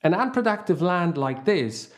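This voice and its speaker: A man teaching English vocabulary in a scripted lesson, reading example sentences slowly and deliberately. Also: sits high. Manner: slow, deliberate, lively intonation.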